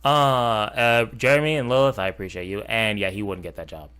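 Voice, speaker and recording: A man streaming a reaction, ranting in a profane, heated and mocking way, swinging between loud outbursts and muttered asides. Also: fairly low pitch, steady tone, brisk, clear, resonant tone. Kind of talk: casual live-stream reaction rant.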